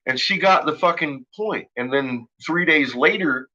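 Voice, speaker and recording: A man's voice: fairly high pitch, measured pace, dull audio. A man on a late-night monologue, ranting and swearing heavily as he tells his story. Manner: profane, ranting, shouts in retold quotes. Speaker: host.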